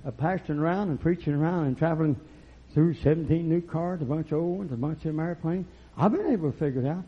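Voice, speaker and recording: A man preaching a fiery, folksy sermon that swings from low murmurs to loud shouts. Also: expressive, fast, breathy edge. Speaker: pastor. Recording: lo-fi recording.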